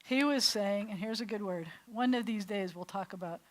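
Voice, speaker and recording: A middle-aged woman from New York, a rabbi teaching a Hebrew class in a chatty, animated way with frequent laughs. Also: mid-range voice, moderate pace. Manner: chatty and animated, often laughing between points.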